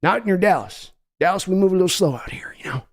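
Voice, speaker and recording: Brash older Texan owner played by a man, put-on drawl, bossy and folksy, pitched up high and lively. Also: fast talker. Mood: pushy, folksy. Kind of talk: comedic impression skit.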